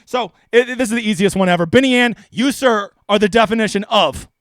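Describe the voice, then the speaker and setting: A man's voice: high voice, fast talker, fairly bright tone. A man hosting a fantasy sports live stream, talking in a brash, profane, rambling way. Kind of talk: casual live stream commentary.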